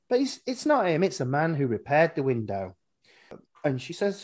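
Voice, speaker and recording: A man's voice: mid-range voice, big pitch swings, moderate pace, a little mellow. A man hosting a podcast, recapping a horror film in rambling, wry casual chat and swearing freely. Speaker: podcast host.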